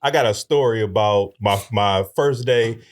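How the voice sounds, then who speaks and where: A man from Detroit hosting a sports podcast, casual and animated. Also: on the low side, normal speed. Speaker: podcast host.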